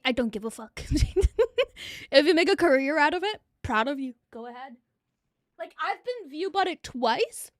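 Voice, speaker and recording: A woman's voice: high-pitched, no echo, clean studio sound. A young woman streamer chatting casually with her viewers, blunt and profane, laughing often. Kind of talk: casual livestream chat.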